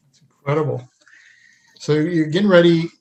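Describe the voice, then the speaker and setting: A man's voice: fairly high pitch, fairly even intonation, normal speed, vocal fry, darkish tone, low-quality recording. A man hosting an interview, chiming in with brief, supportive remarks. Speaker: podcast host.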